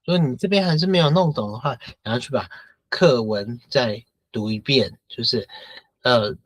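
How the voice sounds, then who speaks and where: A man gives an English grammar lesson, switching between English and Mandarin, repeating phrases, and filling pauses with "uh" and "okay." His voice is mid-range, and the recording is dry and low in quality.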